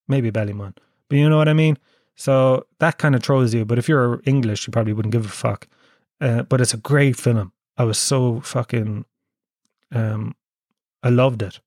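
An Irish man, sick and worn out, hosts his own podcast in a casual solo monologue, rambling, self-deprecating and sweary. His voice is medium-pitched and a little mellow, captured in a dry, studio-quality recording.

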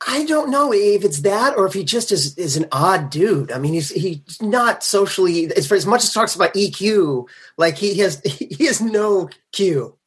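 A man guest on a podcast, talking in a halting, hesitant way. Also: sits high, animated, slightly rough. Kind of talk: casual recap chat.

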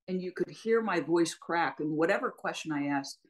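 A woman's voice: fairly low pitch, moderate pace, hardly any pauses, poor audio. A woman in her fifties, a sportscaster, telling stories with feeling on a panel discussion. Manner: emotional, storytelling.

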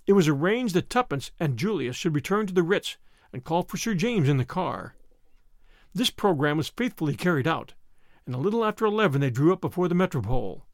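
A man narrating an audiobook in an expressive, clear storytelling manner. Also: on the high side, a little fast, no room sound, clean studio sound.

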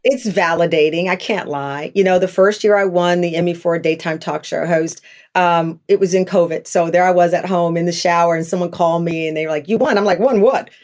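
Animated, earnest middle-aged woman. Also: fairly low pitch, fairly quick. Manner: earnest, animated storytelling with acted-out quotes. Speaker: guest, talk show host. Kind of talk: podcast interview.

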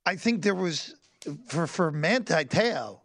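A man co-hosting a casual sports chat, speaking haltingly and repeating words while he gathers his thoughts. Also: fairly high pitch, animated, fairly bright tone, dry recording, studio quality. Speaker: podcast co-host.

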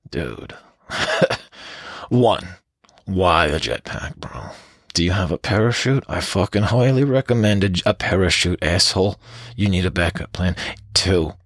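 A man's voice: sits low, no room sound, clean studio sound. A man hosting a casual solo podcast, riffing on odd news stories with constant swearing and bursts of laughter. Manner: profane, animated, laughing storyteller. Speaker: podcast host.

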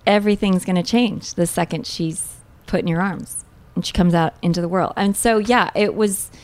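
A woman in her forties, a guest telling a personal story in an earnest, heartfelt way with tender pauses. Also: on the low side, steady tone, a little mellow. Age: 40s.

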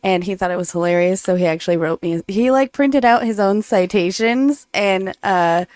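A woman's voice: medium pitch, moderate pace, a little mellow, no echo, studio quality. A woman in her thirties co-hosting a casual talk show, chatty and laughing through her stories. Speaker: podcast co-host. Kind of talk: casual chat.

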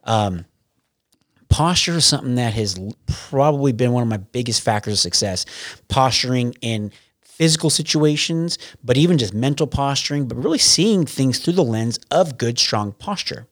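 In a casual podcast interview, a man in his forties tells his story as the guest, wandering and restarting sentences and swearing now and then. His voice is expressive and ordinary in pitch, at a normal speed, captured in a dry, close recording with no echo or room sound.

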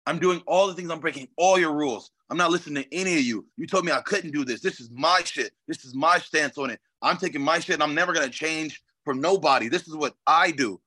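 A brash, swaggering man with a bright, slightly high voice. He talks freely and profanely in a casual interview. The sound is dry and close. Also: fast talker, hardly any pauses, slightly rough, no echo. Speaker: fighter guest.

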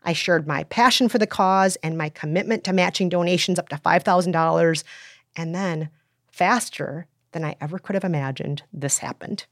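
A woman co-hosting a podcast in casual chat, animated and self-deprecating. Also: lowish voice, normal speed, no room sound, studio quality. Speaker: podcast co-host.

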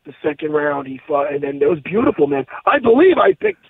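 A man hosting a podcast, telling a story in a casual, animated and profane way and laughing at his own story. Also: a little high, fairly quick, breathy edge, no room sound. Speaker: podcast co-host. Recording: tinny, phone-like dry sound.

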